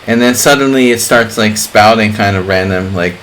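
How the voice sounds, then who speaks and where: A man's voice: lowish voice, moderate pace, a bit bright, slight background noise, low-quality recording. A middle-aged man streaming chess, chatting casually in a rambling way with lots of fillers. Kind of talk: casual live-stream chat.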